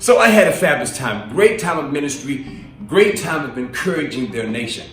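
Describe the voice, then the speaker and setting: A man's voice: a little high, very animated, normal speed, fairly bright tone, roomy sound, recorded from a distance, faint music behind. A man and minister giving a casual, storytelling sermon, chatty and laughing as he acts out voices in his stories. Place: live stream from a roomy space.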